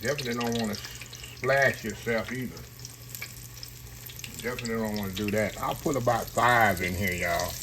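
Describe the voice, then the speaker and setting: A man's voice: lowish voice, normal speed, long pauses, background noise. A man hosting a casual home cooking demo, chatty and saying "y'all" a lot. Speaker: home cook channel host. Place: home kitchen, frying on the stove. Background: frying sizzle.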